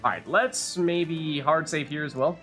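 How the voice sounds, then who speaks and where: A chatty gamer thinks out loud in a bright, slightly high voice while playing. His talk runs loose and casual, with game music faintly in the background. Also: a little slow. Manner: chatty, thinking aloud, laughs. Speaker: let's play host. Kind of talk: casual gameplay commentary.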